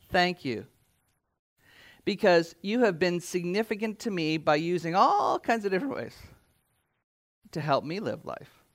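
A man preaching a sermon to his congregation in earnest, dropping to quiet asides and lifting his voice for exhortations. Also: sits high. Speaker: pastor. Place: church.

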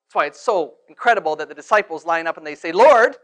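A man preaching a sermon in church, swinging from hushed to loud and asking rhetorical questions. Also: fairly high pitch, fast. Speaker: pastor.

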